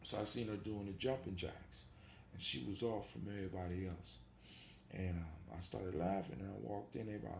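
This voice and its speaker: A man's voice: lowish voice, steady tone, fairly quick, gravelly, a little mellow, echoey room, slight background noise. A man hosting a call-in talk show, talking in a casual, rambling and motivational way, repeating his phrases. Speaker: host.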